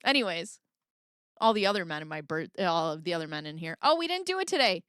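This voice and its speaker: A woman's voice: on the low side, very animated, quick pace, fairly bright tone, clean tone, dry recording, clean studio sound. A woman chatting casually on a livestream, reading viewer comments and joking sarcastically, with frequent laughter.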